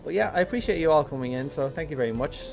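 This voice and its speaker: An Irish man chatting casually through a live game stream, rambling along with lots of "like" and quick self-corrections. His pitch rises and falls a lot as he talks. Faint game music runs underneath. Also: animated, vocal fry, a little mellow. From Ireland.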